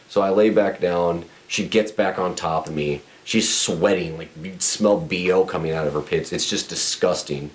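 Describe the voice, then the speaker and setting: A man's voice: low voice, steady tone, moderate pace, hardly any pauses. A young man telling a crude story on a podcast, blunt and profane, rambling with restarts. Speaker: podcast host.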